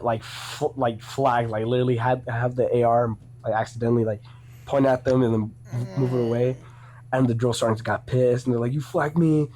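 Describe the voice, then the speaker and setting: A young man appears as a podcast guest, telling casual stories in a rambling way, restarting often and swearing a lot. His voice is medium-pitched with a dark tone.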